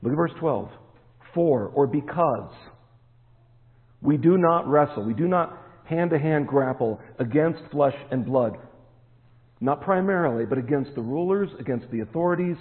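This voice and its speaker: Man preaching in an echoey hall. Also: mid-range voice. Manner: emphatic, rising to stressed words. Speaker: pastor. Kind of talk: sermon. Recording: echoey hall, tinny phone-like sound.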